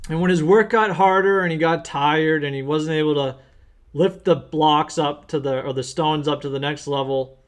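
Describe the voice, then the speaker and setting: A man's voice: a little high, steady tone, normal speed. Earnest man teaching with a story. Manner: earnest, plain-spoken explaining. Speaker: accountant teaching small business owners. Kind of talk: storytelling lesson.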